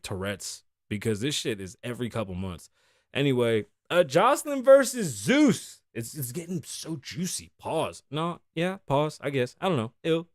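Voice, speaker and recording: Young male host, casual profane comic chat, mid-pitched voice, dry close studio mic. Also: no echo. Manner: profane, joking, mimics voices in stories. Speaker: podcast host. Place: home studio. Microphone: studio mic, live recording.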